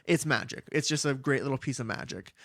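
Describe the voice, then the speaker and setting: A man's voice: mid-range voice, brisk, gravelly, fairly bright tone, no room sound, studio quality. A man voicing a breezy young fairy queen who talks in an offhand, casual way.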